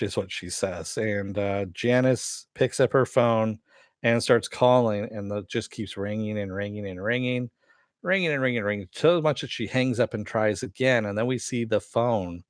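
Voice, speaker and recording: A man's voice: lowish voice, normal speed, no echo, clean studio sound. A man giving a rambling, casual spoken recap of a TV episode, full of "uh" and "you know" and offhand swearing. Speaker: TV episode reviewer.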